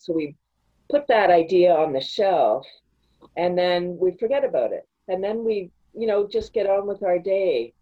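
A woman guest on a podcast, chatting casually and telling animated stories, often breaking into laughter. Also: lowish voice, normal speed, breathy edge, highs cut off. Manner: animated storytelling with frequent laughs. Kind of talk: casual interview chat.

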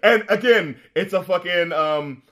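A man's voice: high voice, measured pace, crowd noise. A man in casual, profanity-laced conversation, retelling movie scenes with laughter as a co-host. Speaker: podcast co-host. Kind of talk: casual movie review chat.

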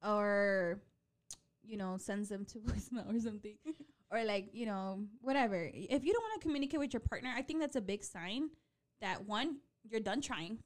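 A woman in her late twenties chatting casually as a co-host, animated and out of breath, swearing freely and slipping into Spanish. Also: medium pitch, moderate pace. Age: late 20s. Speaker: podcast co-host. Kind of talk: casual chat.

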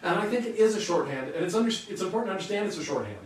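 A man's voice: high voice, animated, rapid-fire, far from the mic, a little hiss or hum. Preaching man in an echoey room. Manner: earnest teaching with rhetorical questions. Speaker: pastor. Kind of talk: sermon.

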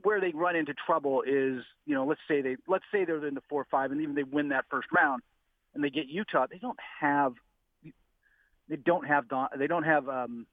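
A man calling in as a basketball writer, talking casually and rambling with quick asides and restarts. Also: a little high, no echo. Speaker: basketball writer, radio guest. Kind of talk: casual sports talk on a phone line. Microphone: phone. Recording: tinny phone line.

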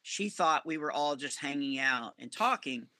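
Man, comedian guest, animated storyteller, sharp tone, dry sound. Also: a little high, normal speed, no echo. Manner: animated, rambling anecdotes with self-corrections. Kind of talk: storytelling podcast interview.

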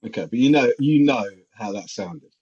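A co-host trades teasing, dry remarks with his partner. His voice is a little husky and the recording sounds dull and lo-fi. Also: mid-range voice, lively intonation, normal speed, a little mellow. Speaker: podcast co-host. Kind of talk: casual comedic chat.

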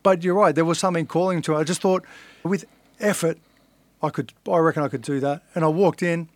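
Middle-aged Australian man, somewhat high voice, blunt storyteller who swears and acts out quotes, dry close mic. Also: fairly even intonation, a little fast, dry recording. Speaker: podcast guest, fighter. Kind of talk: casual storytelling.

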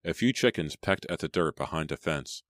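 A man narrating a storybook in a steady, measured way. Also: a bass voice, dry recording, clean studio sound. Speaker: audiobook narrator. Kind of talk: scripted audiobook narration.

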